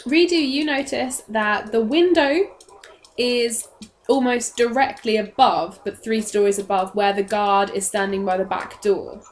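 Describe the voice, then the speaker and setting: A woman's voice: a little high, unhurried, slight background noise. A woman as game master, narrating scenes in a descriptive, matter-of-fact way.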